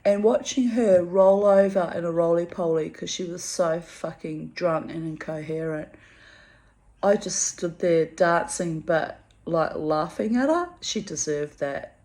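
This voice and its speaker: A woman's voice: on the low side, a little mellow. A woman telling a personal story in a candid spoken monologue, dramatic and profane, drawing out words for emphasis. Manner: theatrical and profane, with drawn-out emphasis.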